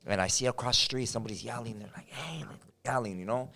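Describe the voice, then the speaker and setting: A man's voice: medium pitch, fast, gravelly, pushed and bright. A man, talking casually on a podcast in street slang. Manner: street slang, says bro and homie.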